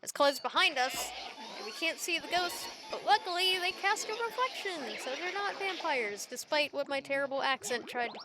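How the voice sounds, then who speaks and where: A woman's voice: sits high, expressive, normal speed, over music. A woman giving casual, playful gameplay commentary as a let's play host, giggling and making joking asides.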